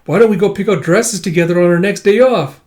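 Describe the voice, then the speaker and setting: A man voicing an excitable, chatty young schoolgirl in a casual manga read-through. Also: high voice, fast talker, voice pushed up, natural voice. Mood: excited.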